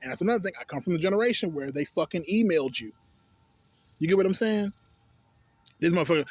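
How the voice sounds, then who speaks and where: A man's voice: high-pitched, expressive, quick pace, dry recording. Profane, exasperated man ranting. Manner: profane, exasperated, laughing asides. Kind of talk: casual storytelling rant.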